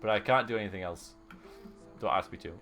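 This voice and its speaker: Fast and creaky, a man's lowish, slightly bright voice carries his casual game-stream chatter. He jokes around with viewers and laughs a lot, while the game's music plays softly.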